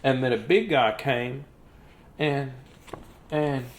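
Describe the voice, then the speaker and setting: A man voicing an excitable little female pig in a storybook, high and dramatic in tone. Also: takes it slowly, slight background noise, close to an everyday voice. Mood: upset.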